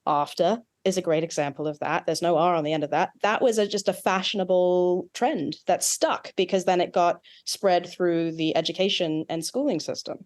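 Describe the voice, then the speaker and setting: A woman's voice: on the low side, fairly even intonation, moderate pace, hardly any pauses, darkish tone. A woman with an Australian accent, a dialect coach, explaining at length with asides and examples in an interview. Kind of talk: expert interview.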